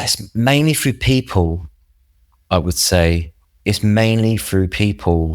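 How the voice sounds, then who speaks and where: A man's voice: deep voice, dry recording, studio quality. A man, a podcast guest, telling his recovery story in an earnest, reflective, rambling way with many restarts.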